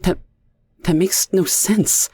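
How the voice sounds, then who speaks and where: A man's voice: high voice, fairly even intonation, slow, mellow, breathy edge, pitched above the performer's own voice, exaggerated voice. Man voicing a desperate pleading woman. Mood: stunned. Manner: frantic, tearful pleading. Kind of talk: audiobook character voice.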